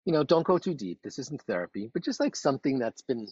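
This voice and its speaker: A male meditation teacher with a slightly husky, breathy voice speaks calmly and without hurry. He guides listeners through slow breaths in a dry, dead-sounding room. The podcast audio is a bit dull and lo-fi. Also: mid-range voice, no room sound.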